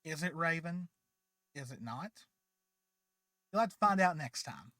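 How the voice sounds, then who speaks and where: A man's voice: fairly high pitch, animated, a little slow, pushed and bright, no echo, studio quality. A man hosting his channel, casually retelling a fan story in a chatty, rambling way with many fillers, and sounding tired. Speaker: channel host.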